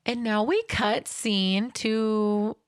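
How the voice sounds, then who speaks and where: A young woman co-hosting a podcast, excitedly recapping a film in casual chat and getting emotional over it. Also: a little high, very slow, smooth, no room sound, clean studio sound. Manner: animated, emotional, dramatic retelling. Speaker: podcast co-host.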